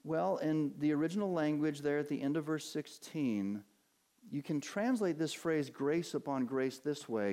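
A man preaching a sermon as pastor. He poses questions to his listeners and answers them, drawing out key words and climbing higher and stronger when he drives a point home. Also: warm tone. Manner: earnest preaching, rising in pitch and force for emphasis, slows on key words.

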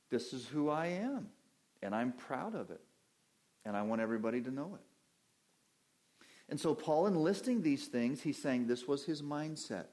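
A man's voice: mid-range voice, lively intonation, unhurried, pauses often, a little mellow. A man preaching an evening Bible-teaching sermon from a church pulpit, in a conversational teaching manner, putting questions to his listeners and answering them.

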